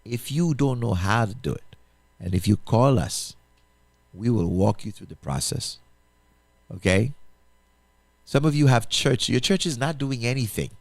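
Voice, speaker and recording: Pastor host, man, lively pitch, emphatic and repetitive, dry studio sound. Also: unhurried, creaky, pauses often, no echo. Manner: emphatic, repetitive, rhetorical questions, restarts. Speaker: pastor and radio show host. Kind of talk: impassioned appeal on a talk show.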